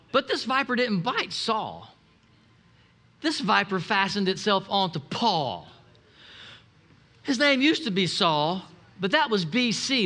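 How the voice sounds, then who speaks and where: A man with a high, bright voice preaches to his congregation. He talks in an animated way, breaks into asides and acts out little quotes. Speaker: pastor. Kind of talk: sermon.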